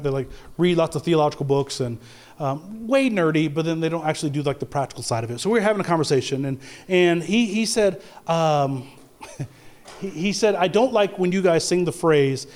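A man's voice: a little high, darkish tone. A man preaching a sermon in a conversational way, with stumbles and restarts, rising to emphatic peaks. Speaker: pastor.

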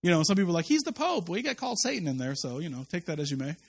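Male preacher, high voice, casual jokey sermon, acts out quotes. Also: sing-song, rapid-fire, vocal fry, husky. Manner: joking, conversational, acts out quotes. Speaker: pastor.

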